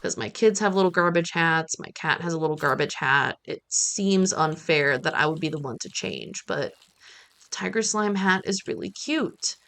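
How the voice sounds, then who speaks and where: A woman's voice: low-pitched, expressive, moderate pace, gravelly, a bit bright. A woman in her thirties from the United States, chatting playfully and rambling about her day while playing a farming game on stream. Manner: playful, rambling, self-mocking. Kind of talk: casual gameplay chat.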